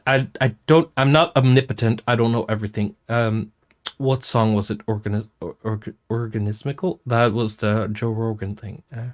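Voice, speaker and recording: A man casually hosts a livestream and works through chat comments, rambling and breaking off mid-sentence. His voice sits at an ordinary mid pitch, and he drops the odd swear word along the way. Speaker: music producer hosting a chat stream.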